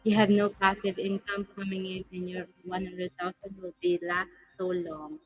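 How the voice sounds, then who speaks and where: A Filipina woman reads viewer comments aloud and gives blunt, matter-of-fact replies. Her pitch sits at a middle level, and faint music plays behind her voice. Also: little pitch movement, moderate pace, muffled recording. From Philippines. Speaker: vlog co-host. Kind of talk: live-stream chat, reading viewer comments aloud.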